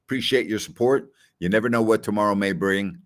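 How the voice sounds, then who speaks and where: A man's voice: on the low side, a little fast. A middle-aged man hosting a casual live question-and-answer show, talking loosely with many "you know" and "I mean" asides. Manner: conversational storyteller, frequent "you know" and "I mean". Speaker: podcast host.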